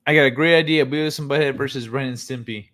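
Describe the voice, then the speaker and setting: A man's voice: medium pitch, steady tone, fast talker, a bit bright. A man hosting a casual livestream, reacting to clips in a laid-back way, laughing often and swearing freely. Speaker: livestream host.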